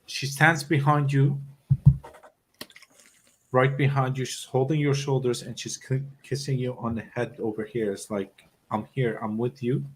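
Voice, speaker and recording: A man giving a live psychic reading as a guest medium. He talks haltingly, repeats his words and gets emotional. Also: medium pitch, steady tone, slight background noise.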